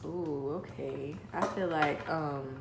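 A woman's voice: low-pitched, takes it slowly, creaky. A woman giving a casual, chatty tarot reading, talking straight to her viewers with enthusiasm. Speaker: tarot reader. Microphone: voice-over, face not shown. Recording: echoey room with clicking noise.

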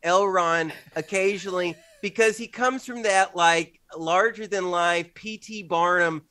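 A male author telling a story in an interview clip, animated and laughing as he mimics people. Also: sits high, measured pace, clear, resonant tone. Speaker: author and guest.

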